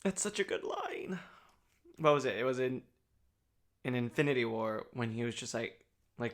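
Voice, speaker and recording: A man's voice: medium pitch, quick pace, fairly bright tone. A man hosting a reaction video, gushing and emotional, with lots of exclamations and "like.". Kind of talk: excited reaction commentary.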